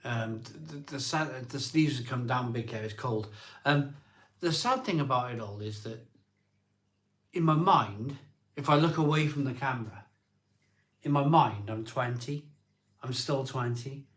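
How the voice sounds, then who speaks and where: A man in his forties hosting a live stream, talking slowly and emotionally with many ums and restarts. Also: medium pitch, fairly bright tone. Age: 40s. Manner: slow, halting, full of ums and restarts. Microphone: phone.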